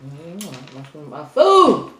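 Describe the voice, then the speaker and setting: A woman's voice: on the low side, huge pitch swings, takes it slowly, a bit bright, roomy sound. A woman hosting an eating show, chatting casually to her viewers between bites and getting out of breath. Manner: chatty, addresses viewers as y'all, eats between lines. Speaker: mukbang host.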